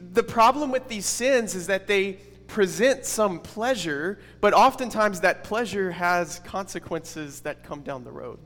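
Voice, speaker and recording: A man's voice: sits high, a bit bright, big-room sound. A man teaching a Bible study in a conversational way, with casual fillers and rhetorical questions.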